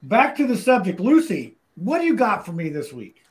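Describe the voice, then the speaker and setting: Male talk show host, slightly raised pitch, rambling and playful. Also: wildly swooping pitch, moderate pace. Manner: rambling, self-interrupting, jokey. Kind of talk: casual chat.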